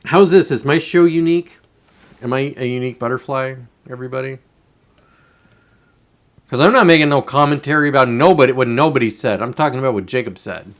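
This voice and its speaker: A man's voice: mid-range voice, brisk, long pauses. A man hosting his own show, ranting casually in a profane, sarcastic and annoyed way, with muttered asides. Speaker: host.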